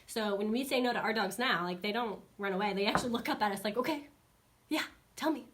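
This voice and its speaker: A woman in her thirties talks as a dog trainer on a casual live stream. She is chatty and animated, and her voice sits at an ordinary middle pitch. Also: fast. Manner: chatty, animated, acts out dogs and kids in high squeaky voices.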